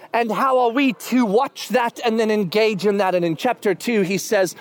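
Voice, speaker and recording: A middle-aged man preaching a sermon in a notably high voice. He talks in an animated way and swells to loud, excited shouting at his peaks, then drops back to plain explaining. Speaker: pastor.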